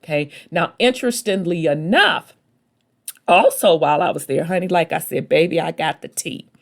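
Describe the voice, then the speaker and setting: A woman's voice: sits low, lively intonation, moderate pace, vocal fry. A woman hosting a podcast, telling a story in a chatty, folksy way and calling her listeners baby and y'all. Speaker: podcast host. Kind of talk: casual storytelling talk.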